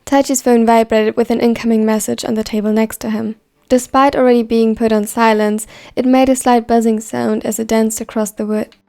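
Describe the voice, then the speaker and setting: Gravelly-voiced woman reading a story. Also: fairly high pitch, little pitch movement, fairly quick, few pauses, mellow. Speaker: story narrator. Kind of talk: scripted narration of a fan story.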